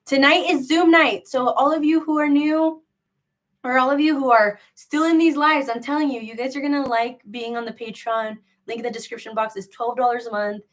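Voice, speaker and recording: Here a young woman runs a crochet live sale, talking at a normal speed in a high, steady voice. Her casual stream chatter wanders and gossips openly, packed with fillers and constant "likes."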